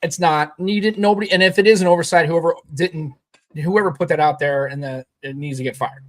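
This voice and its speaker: A man's voice: on the high side, a little fast. A man co-hosting a casual tech podcast, rambling and emphatic, swearing now and then. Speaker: podcast co-host.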